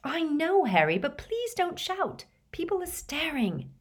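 Woman voicing an anxious teen girl, high, urgent, bossy, storybook. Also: very animated, a little slow, breathy edge, full character voice.

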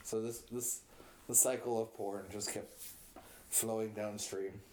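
A man's voice: on the low side, level tone, unhurried, a little mellow, reverberant, a little hiss or hum. A man co-hosting a casual chat, rambling and doubling back as he tells stories. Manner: rambling, self-interrupting storyteller. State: coughing. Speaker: podcast co-host.

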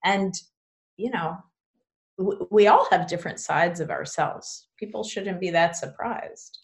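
Chatty low-voiced woman on a video call. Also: moderate pace, creaky. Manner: chatty, filler-heavy, laughs often. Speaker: belly dance teacher, podcast guest. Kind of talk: casual conversation.

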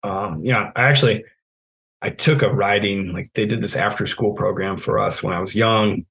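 A man's voice: fairly low pitch, steady tone, moderate pace, creaky, a bit bright, a little hiss or hum, poor audio. A man in his thirties from New England, telling stories as a podcast guest in a laid-back, self-mocking way with frequent laughs. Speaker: guest, trail project manager. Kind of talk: casual storytelling.

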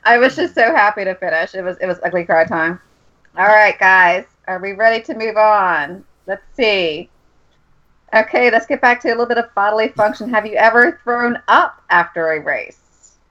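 A woman co-hosting a running podcast, telling stories in an animated, giggly way. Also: mid-range voice, moderate pace. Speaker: podcast co-host. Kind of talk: casual chat. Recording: dull lo-fi podcast audio.

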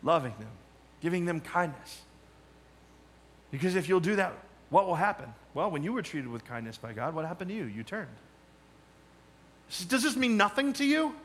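A male pastor preaching a sermon, emphatic, moving between loud challenges and quiet asides. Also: fairly high pitch, lively intonation, a little fast, slightly rough.

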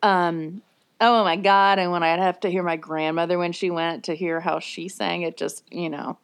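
A woman co-hosting a relaxed conversation, trading stories and laughing easily. She tells her stories with animation and sometimes breaks into bits of song. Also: on the low side, moderate pace, clear, resonant tone. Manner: laughs often, animated storytelling with sung bits. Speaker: podcast co-host. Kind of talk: casual chat.

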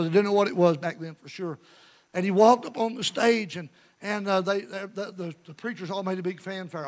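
A man preaching a storytelling sermon, acting out characters' voices and swinging from hushed asides to shouts. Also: high voice, a little fast.

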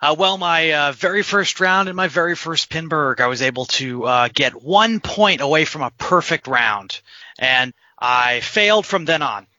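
A man on a podcast as a trivia contestant, telling a story in a rambling, relaxed way. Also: fairly high pitch, moderate pace, dry recording. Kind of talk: casual chat. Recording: dull, dry lo-fi remote audio.

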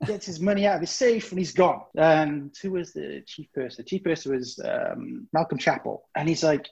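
A man's voice: fairly high pitch, fairly quick, vocal fry, few pauses, breathy edge, lo-fi sound. A man from Britain casually telling a profane cruise-crew story, acting out the voices of coworkers. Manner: lively, profane, acts out voices of others. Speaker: storyteller among former cruise ship crew.

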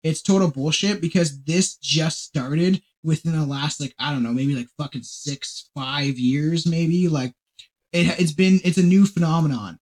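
A man hosting a podcast in casual chat, rambling and excitable and swearing a lot. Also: a little high, a little slow, poor audio. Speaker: podcast host.

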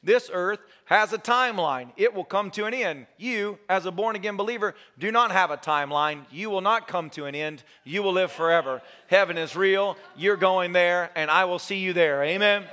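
A man's voice: sits high, moderate pace, hardly any pauses. A male pastor preaching a sermon, telling a story with jokes and acting out quotes. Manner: animated, joking, acts out quotes. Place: church sanctuary.

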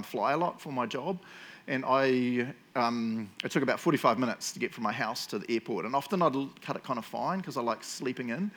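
A man, neither high nor low in pitch, gives a relaxed sermon. He tells his stories in a joking, self-mocking way and keeps teasing his listeners before he turns to the point he is making. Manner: jokey, self-mocking storyteller who teases the audience. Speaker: preacher. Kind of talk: casual humorous sermon.

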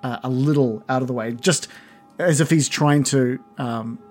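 A man's voice: medium pitch, moderate pace, darkish tone, faint music behind. A man narrating a tabletop game as game master, loose and hesitant, with many fillers.

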